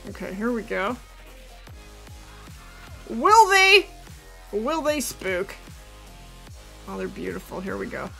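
Hosting a live game stream, a woman chats casually while she plays, thinking aloud and gushing with excitement over her viewers. Her medium-pitched voice moves at normal speed, sounds creaky, and pauses often, with faint music in the background.

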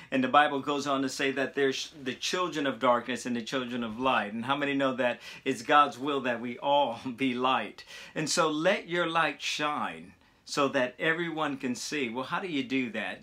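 Pastor guy preaching slow and earnest, bright voice, stretches out his words. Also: medium pitch. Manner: earnest, encouraging. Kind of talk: short recorded sermon.

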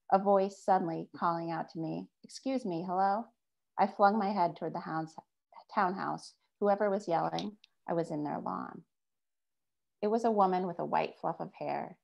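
A woman author reading her own fiction aloud in a measured first-person voice. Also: fairly low pitch, vocal fry, a little mellow.

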